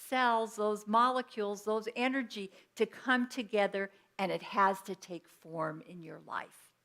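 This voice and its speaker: A woman's voice: mid-range voice, fairly bright tone. A woman minister giving an earnest, personal sermon in a conversational teaching style with everyday examples.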